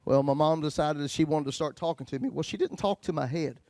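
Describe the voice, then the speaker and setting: A male pastor telling his own story in a sermon, folksy, swinging between loud bursts and hushed lines. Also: on the high side, fast, hardly any pauses, dry recording.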